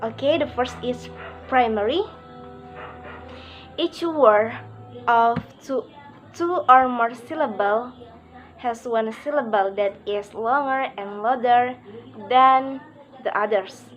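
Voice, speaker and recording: A woman's voice: on the high side, takes it slowly, long pauses, faint music behind, rough recording. A woman presenting a pronunciation lesson, reading it aloud carefully and moving on with "okay, next". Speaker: student presenter.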